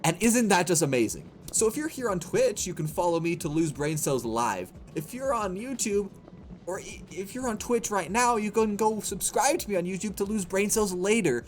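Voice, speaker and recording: A man's voice: high voice, expressive, moderate pace, faint music behind. A man streaming a game, talking to his chat in playful, self-mocking mini rants. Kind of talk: livestream gameplay commentary.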